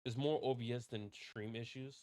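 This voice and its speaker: A man's voice: mid-range voice, fairly even intonation, normal speed, darkish tone, dry recording, clean studio sound. A male streamer talking casually in a rambling rant, repeating himself, swearing often and restarting his sentences.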